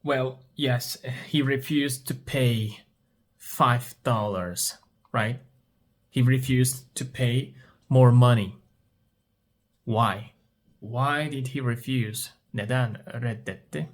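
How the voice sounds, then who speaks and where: A man's voice: mid-range voice, slow pace, pauses often. A man whose first language is Turkish, teaching English by asking story questions, repeating each one and answering it himself. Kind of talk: story-based English speaking practice.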